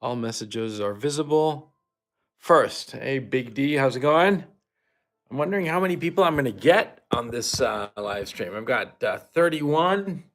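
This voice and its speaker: A man talking on his own live stream, hesitant and halting, pausing to check chat. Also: mid-range voice, animated. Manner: hesitant, halting, full of pauses. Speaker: live streamer in a played clip. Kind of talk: casual solo live stream.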